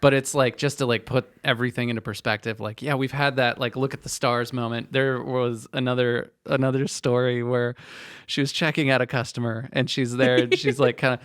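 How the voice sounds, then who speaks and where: A man's voice: mid-range voice, a little fast. A man co-hosting a podcast, telling workplace stories in casual chat with lots of fillers. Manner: animated storyteller with many fillers. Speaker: podcast co-host.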